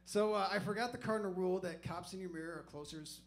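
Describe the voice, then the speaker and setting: A man's voice: sits high, quick pace. A man doing stand-up comedy, telling a story in a loose, profane, self-mocking way on a comedy club stage.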